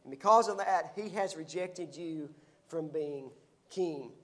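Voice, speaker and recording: A man's voice: fairly high pitch, a little slow. A male pastor preaching a sermon, reading scripture aloud and explaining it in a conversational way.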